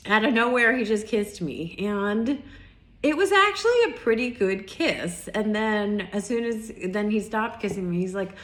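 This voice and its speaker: A woman's voice: mid-range voice, animated, measured pace, a bit bright. Woman vlogger, chatty storytelling, quotes herself and her date, fillers, roomy echo. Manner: chatty, quotes both sides of conversations, frequent fillers and restarts. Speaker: vlogger recounting dates. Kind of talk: casual storytelling monologue.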